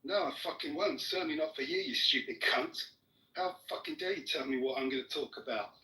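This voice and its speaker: A man's voice: fairly high pitch, fast talker. Furious swearing man in an echoey room. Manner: furious, swearing constantly, shouting down his opponent. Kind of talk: heated argument. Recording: echoey room, mic at a distance.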